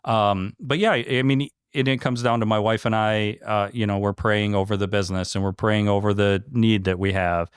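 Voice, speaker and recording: A man's voice: on the low side, fairly even intonation, moderate pace, few pauses, clear, resonant tone, no room sound, clean studio sound. A man who owns a small business, speaking in a casual interview, earnest and heartfelt, with many fillers and restarts. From Michigan. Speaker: franchise owner, interview guest.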